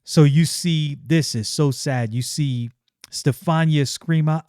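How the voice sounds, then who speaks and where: A man reading a comic aloud and chatting about it, reacting freely as he goes. He talks slowly and easily. The sound is dry and close. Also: on the high side, a little mellow, clean tone, no room sound. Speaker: comic reader and commentator.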